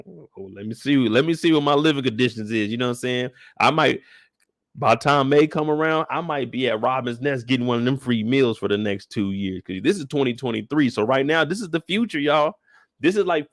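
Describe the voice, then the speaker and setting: Profane, animated man recapping a show. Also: medium pitch, no echo, studio quality. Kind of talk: casual live recap.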